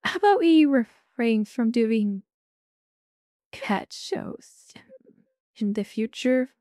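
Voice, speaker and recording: Female player in character, warm, firm measured delivery. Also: a little high, expressive, no room sound, clean studio sound. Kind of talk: in-character tabletop play.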